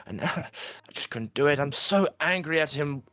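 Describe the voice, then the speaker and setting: A woman's voice: sits low, expressive, moderate pace, fairly bright tone, no echo, pitched above the performer's own voice. A man voicing a distraught middle-aged village mother who pleads and stammers through tears. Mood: pleading. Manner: tearful, pleading, breaking voice.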